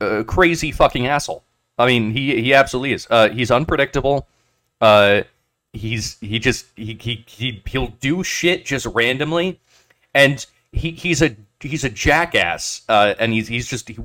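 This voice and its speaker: Halting, cursing man on a podcast. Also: medium pitch, a bit bright. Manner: halting, many fillers and restarts, profane. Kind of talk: casual political chat.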